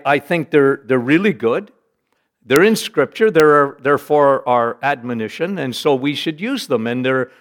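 A middle-aged man preaching a sermon, animated, rising to emphatic bursts and dropping low for weight.

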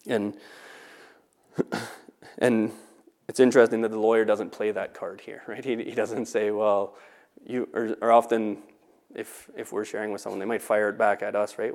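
Male teacher, conversational, low and even delivery, many restarts. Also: moderate pace, pauses often. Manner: conversational, frequent "right?" and restarts. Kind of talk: casual talk on faith.

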